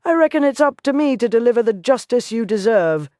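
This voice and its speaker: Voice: medium pitch, lively intonation, a little fast, dark tone, dry recording, studio quality, voice pushed up, close to an everyday voice. Narrator voicing snarling vengeful Duncan. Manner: snarling, accusing. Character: vengeful grieving man, brawling saloon enemy. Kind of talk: audiobook character voice.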